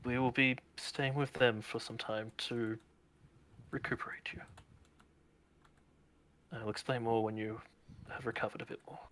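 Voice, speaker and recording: A man voicing a calm, protective woman who speaks quietly and gently. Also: medium pitch, a little slow, long pauses, slight background noise, lightly acted. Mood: soothing.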